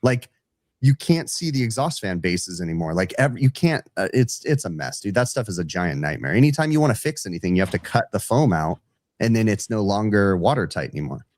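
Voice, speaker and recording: A man's voice: on the low side, a little fast, dry recording. A man telling a work story on a casual trade podcast, acting out both sides of the dialogue and calling people dude. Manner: animated storyteller, acts out customer dialogue, says dude. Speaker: podcast co-host, HVAC technician.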